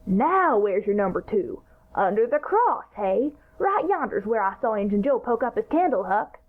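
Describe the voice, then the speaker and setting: A woman voicing an eager, bossy boy ringleader in a radio-style drama, talking in an excited, boastful way. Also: on the high side, moderate pace. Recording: tinny phone-like sound.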